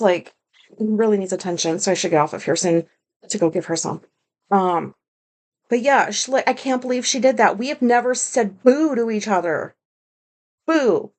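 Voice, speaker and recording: A woman's voice: mid-range voice, lively intonation, normal speed, pauses often. A woman hosting her own podcast, talking in a candid, rambling monologue full of fillers and swearing. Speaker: podcast host. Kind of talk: casual solo podcast monologue.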